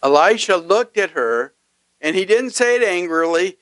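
A man's voice: high voice, lively intonation, moderate pace, a bit bright, no room sound, rough recording. A male pastor preaching a sermon emphatically, often putting questions to his congregation.

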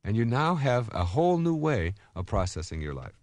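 A man in his fifties giving a recorded self-help lecture, telling stories in an animated way and acting out the voices he quotes. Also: medium pitch, normal speed, no room sound. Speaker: motivational speaker.

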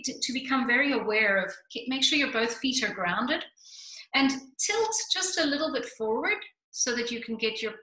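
Woman coach, soothing guided body exercise, bright voice, echoey room. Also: a little high. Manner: slow, soothing guided instructions. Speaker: communication coach. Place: online video session.

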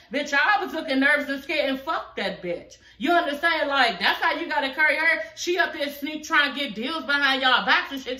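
A woman's voice: high voice, sharp tone, reverberant. A woman in her thirties hosting her own channel, ranting in a sassy, profane, fired-up way about a reality show. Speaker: reality TV reviewer, channel host. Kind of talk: ranting reaction commentary. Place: home at night.

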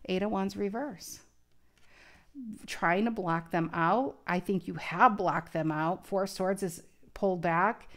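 A woman's voice: lowish voice, takes it slowly, fairly bright tone, slight background noise. A woman giving a casual tarot reading to camera, speaking earnestly and thinking aloud with frequent restarts. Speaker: tarot card reader.

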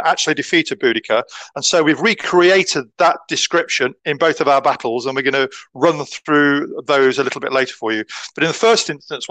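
A man's voice: a little high, fairly bright tone, dry recording, low-quality recording. A man, a historian, explaining history over a video call in an earnest, slightly hesitant way. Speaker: historian guest.

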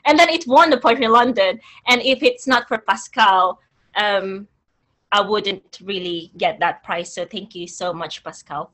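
A young woman reading her poetry aloud in a measured, deliberate way, then talking about her poems. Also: a little high, a bit bright. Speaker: poet reading her work. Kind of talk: poetry reading with spoken asides.

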